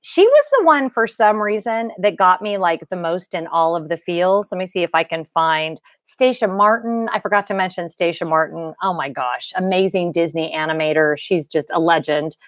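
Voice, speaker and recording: A woman hosting a casual livestream, chatting excitedly with viewers and rambling, restarting and gushing as she goes. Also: lowish voice, normal speed, hardly any pauses, no echo, studio quality. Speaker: livestream host.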